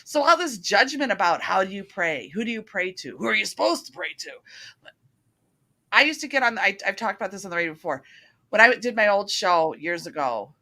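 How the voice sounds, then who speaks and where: Middle-aged woman hosting a chatty spiritual talk show, bright clear voice, earnest and animated. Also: medium pitch, fairly quick. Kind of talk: casual spiritual chat.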